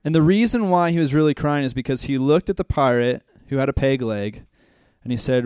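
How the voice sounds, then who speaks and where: A male pastor talks with heartfelt earnestness, first telling a story to his church class and then praying softly. His voice sits in an ordinary middle range, and the recording is dry with no room echo. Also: medium pitch, fairly quick, few pauses, clean tone. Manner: earnest, heartfelt storytelling that turns to quiet prayer. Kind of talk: church class welcome and prayer.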